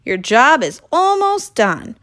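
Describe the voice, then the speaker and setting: A woman's voice: sits high, very animated, slow pace, fairly bright tone, no echo, studio quality, voice pushed up, full character voice. A woman voicing a good-natured farm pig. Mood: grateful.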